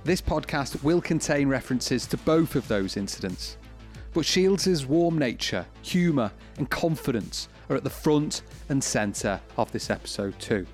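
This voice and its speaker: A man hosting a podcast, reading a scripted introduction and asking measured questions. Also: medium pitch, expressive, soft background music. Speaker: podcast host.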